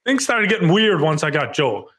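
A man's voice: on the high side, very animated, normal speed, a bit bright. Man laying out a story. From Ireland. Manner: laying out a story step by step, checking in with "okay?". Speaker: podcast co-host. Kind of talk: casual chat.

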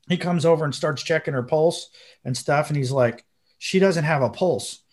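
A man's voice: a little high, moderate pace, a little mellow. A man hosting a podcast, telling a story in a casual, earnest and emotional way, dropping slang like bro and dude. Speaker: podcast host.

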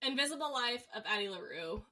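A woman co-hosting a casual book podcast, summarizing a story in a relaxed way with plenty of ums and likes. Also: a little high, fast talker. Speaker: podcast co-host. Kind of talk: casual chat about books.

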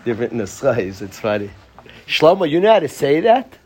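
A man's voice: medium pitch, very animated, brisk, a little mellow. A man teaching a Torah class to students, pleading and passionate, joking with them at times.

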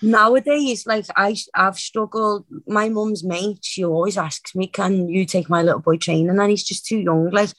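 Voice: medium pitch, normal speed, few pauses, a bit bright, dry recording. Chatty young wrestler, dry close sound. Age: 20s. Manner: open, chatty, self-deprecating. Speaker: professional wrestler, guest. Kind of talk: casual interview chat.

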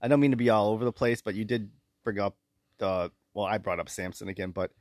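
A man's voice: fairly low pitch, steady tone, fast, darkish tone, no room sound, clean studio sound. A man co-hosting a podcast, chatting casually about a movie, jumping between points and laughing often. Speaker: podcast co-host.

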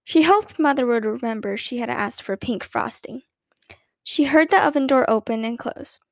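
A woman narrating a children's storybook with a clear, expressive reading. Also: on the high side, normal speed, dry recording, clean studio sound. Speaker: audiobook narrator.

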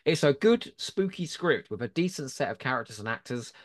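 A man's voice: mid-range voice, brisk. Man on a podcast reading out reviews, voice jumps up and down a lot, laughs easily. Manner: animated and chatty, laughs often. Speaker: podcast co-host. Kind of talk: casual chat, reading listener reviews.

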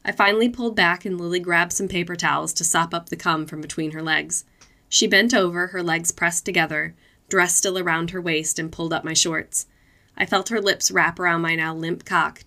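A woman reading adult fiction aloud, in steady, unhurried narration. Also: fairly low pitch.

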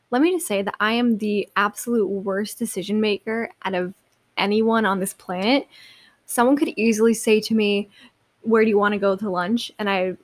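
A young woman hosting her own podcast, talking casually and rambling, with many likes and restarts. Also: medium pitch. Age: young adult. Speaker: podcast host. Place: seated in a chair.

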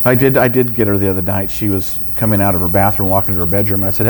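A man chatting casually as co-host, telling family stories and getting animated when he quotes people. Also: on the low side, quick pace, hardly any pauses. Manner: storytelling, animated when quoting others. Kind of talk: casual chat. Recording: faint background noise.

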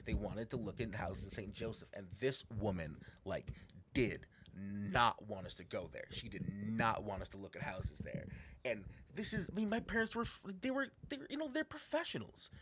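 A man's voice: fairly low pitch, expressive, moderate pace, fairly bright tone, slight background noise. Sarcastic man co-hosting a podcast. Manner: sarcastic, swears freely. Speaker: podcast co-host. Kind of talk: casual chat reading prepared notes.

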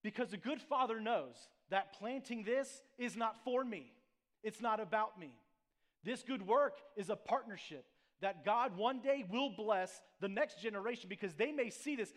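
A man with a high-pitched voice delivers a sermon as a pastor. He talks conversationally, checks in with the congregation, and restarts his phrases often. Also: normal speed, fairly bright tone. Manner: conversational preaching with frequent "right?" and restarts.

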